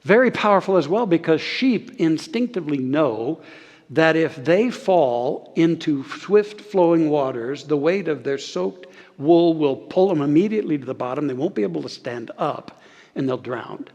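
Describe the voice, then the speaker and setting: A man's voice: fairly high pitch, lively intonation, muffled recording. Earnest male pastor in a reverberant sanctuary. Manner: earnest, slows and softens on key phrases, leads congregation in repeating. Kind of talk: sermon. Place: church sanctuary. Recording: long hall reverb.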